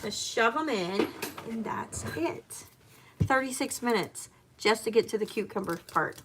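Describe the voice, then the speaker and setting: A woman's voice: fairly high pitch, moderate pace, a bit bright, slight background noise. A woman in her home kitchen chatting casually and rambling as she chops and cooks. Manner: chatty and rambling, talking while chopping and cooking. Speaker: homemaker vlogger. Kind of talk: casual chat while cooking.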